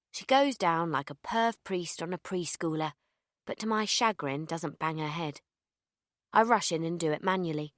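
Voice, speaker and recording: A young woman narrating an audiobook in the first person, delivering dark, comic asides with a deadpan manner. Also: fairly low pitch, no echo. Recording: dry close studio sound.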